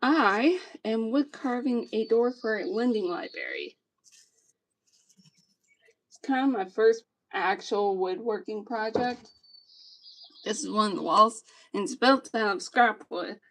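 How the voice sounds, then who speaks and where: A woman from Georgia with a Southern accent, chatting casually to her stream about her woodworking in a relaxed, rambling, joking way. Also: on the high side, unhurried, long pauses. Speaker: streamer and vlogger. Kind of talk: casual chat while woodworking.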